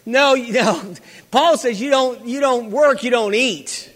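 The male pastor here has an extremely high, slightly bright voice and preaches at an unhurried pace. In a church hall with long reverb, he repeats his lines and calls out for amens from the congregation.

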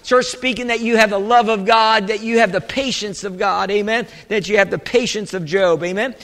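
A man with a high, ringing, bright voice preaches a sermon from the pulpit. His delivery is chatty and full of restarts, and he keeps calling to the congregation for an amen. The sound carries a long hall reverb, as in a large church sanctuary. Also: steady tone, normal speed. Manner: call-and-response preaching, asking for amens; conversational, with repeated restarts. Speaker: pastor.

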